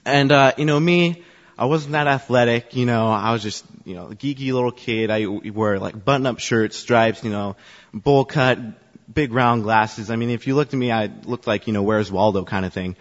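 A youth ministry staff member talks to his congregation at medium pitch and normal speed. His self-deprecating personal story is casual and packed with fillers, and the echoey hall leaves the recording sounding dull.

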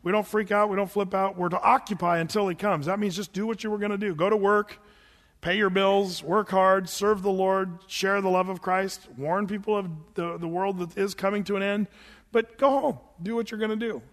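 Male pastor, high-pitched and folksy, telling stories from the pulpit in a reverberant hall. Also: fairly even intonation, a bit bright. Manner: folksy, chatty, quick to laugh. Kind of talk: sermon with storytelling.

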